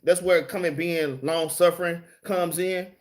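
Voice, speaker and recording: A man's voice: fairly high pitch, steady tone, a little slow. A man teaching a casual Bible class over his phone, slangy and streetwise, swearing freely and calling listeners y'all and man. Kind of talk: casual live-streamed Bible study.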